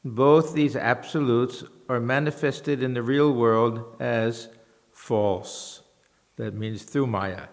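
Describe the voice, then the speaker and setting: A man attending a retreat asks a measured, formally worded question. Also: mid-range voice. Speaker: retreat participant asking a question. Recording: reverberant hall.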